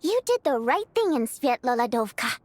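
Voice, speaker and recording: An actress voicing a lively, chatty young female lead singer in a video game, excitable and teasing. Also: a little high, moderate pace, slight background noise. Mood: warm.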